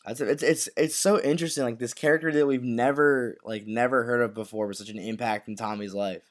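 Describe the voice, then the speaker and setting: A man's voice: medium pitch, fairly even intonation, a little fast. A man co-hosting a podcast, chatting casually in loose sentences full of "like" and restarts. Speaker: podcast co-host. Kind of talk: casual recap chat.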